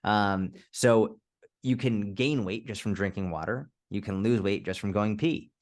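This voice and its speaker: A man being interviewed as a fitness coach, speaking casually and candidly, swearing now and then and acting out little scenarios. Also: lowish voice. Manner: candid, swears, quick restarts, acts out scenarios. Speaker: fitness coach, podcast guest.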